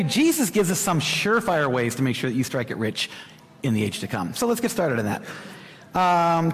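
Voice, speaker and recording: A young man giving a conversational sermon as a preacher, animated and talking straight to the congregation with asides. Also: a little high, fast. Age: young adult. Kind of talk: sermon teaching. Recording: hall reverb.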